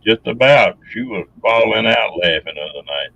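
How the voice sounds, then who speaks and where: Low gravelly host guy, husky, folksy drawl. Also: lively intonation, normal speed, sharp tone, lo-fi sound. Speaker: podcast host. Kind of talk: casual chat.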